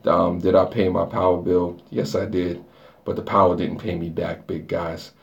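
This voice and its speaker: A man's voice: low-pitched, completely flat delivery, normal speed, vocal fry, muffled recording. A man live streaming from his bathroom, chatting loosely with viewers, joking and rambling as he reads their comments aloud. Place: dark bathroom lit by a flashlight.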